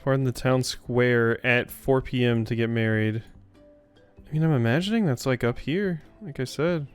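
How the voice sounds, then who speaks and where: A man's voice: mid-range voice, moderate pace, clear, resonant tone, soft background music. A man streaming a game live, chatting casually, reading lines of game dialogue aloud and swearing freely. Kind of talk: live gameplay commentary.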